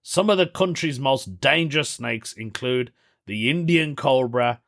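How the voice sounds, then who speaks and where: A man's voice: medium pitch, a little slow, gravelly, a bit bright. A man hosting a solo podcast, chatting casually, reading a news story aloud and reacting with amused disbelief. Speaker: podcast host.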